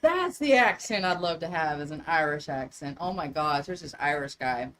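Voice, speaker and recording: A middle-aged woman with a Southern US accent, hosting a casual livestream chat, animated and laughing often. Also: sits low, normal speed, slight background noise, low-quality recording. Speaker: livestream host.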